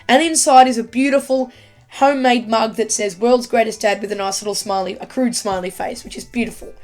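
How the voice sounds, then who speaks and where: A woman giving a casual, excitable video review of a TV episode, rambling with lots of fillers. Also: a little high, a little fast, faint music behind. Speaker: YouTube TV reviewer.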